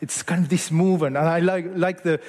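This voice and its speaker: Earnest preacher in an echoey hall. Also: male voice, a little high, steady tone, brisk, darkish tone. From Argentina. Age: 40s. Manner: conversational, earnest, self-correcting. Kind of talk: sermon.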